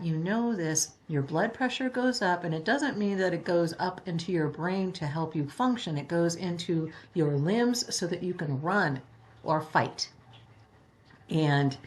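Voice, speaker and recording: Low-voiced woman giving earnest spiritual guidance. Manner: gentle, earnest, rambling with restarts. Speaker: spiritual reader.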